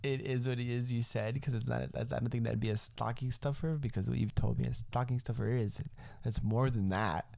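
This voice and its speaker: A young man co-hosting a casual podcast chat, laid-back and quick to laugh. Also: mid-range voice, steady tone, creaky, warm tone, no room sound. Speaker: podcast co-host.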